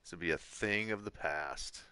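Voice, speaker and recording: A man's voice: deep voice, normal speed, sharp tone, clear, resonant tone, dry recording. A man chatting casually while live-streaming a fishing game, joking and laughing often. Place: home room.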